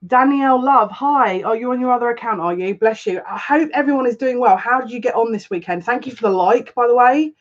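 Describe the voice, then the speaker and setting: A woman's voice: fairly high pitch, fairly quick, hardly any pauses. A woman hosting a psychic tarot live stream, chatting casually and greeting viewers one by one. She sounds close to tears and talks in an effusive, gushing way. The recording is a little dull and lo-fi. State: on the verge of tears. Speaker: psychic tarot reader, channel host.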